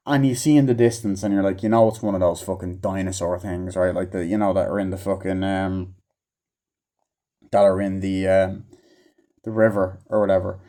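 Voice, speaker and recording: A man's voice: low-pitched, fairly even intonation, moderate pace, long pauses, mellow. A man giving a casual, rambling movie review, swearing often and mimicking characters in mocking voices. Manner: rambling, profane, acts out scenes in mocking voices.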